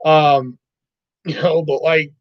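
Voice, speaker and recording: A man's voice: fairly high pitch, flat delivery, takes it slowly, no room sound, highs cut off. A man hosting a casual livestream, rambling and swearing freely while reacting to chat. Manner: rambling, profane, laughs often. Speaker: livestream host.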